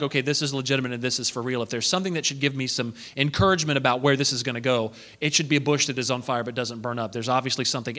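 A man preaching a sermon, animated and acting out the voices of the people he quotes. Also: a little high.

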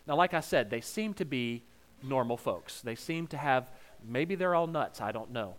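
A man's voice: mid-range voice, expressive, moderate pace. A man with a Southern American accent preaching a sermon in a folksy, humorous storytelling way, joking with the congregation.

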